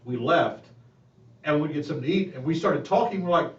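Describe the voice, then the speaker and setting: A man's voice: fairly high pitch, a little fast. A man with a Southern US accent, a dungeon master chatting in a rambling, chatty way and laughing often. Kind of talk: casual chat between game sessions. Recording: dull, echoey room audio from a distance.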